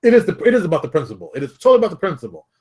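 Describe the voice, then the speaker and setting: A man hosting a casual commentary show, telling stories in an animated way, acting out the quotes and laughing often. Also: high-pitched, racing, slightly rough. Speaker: show host.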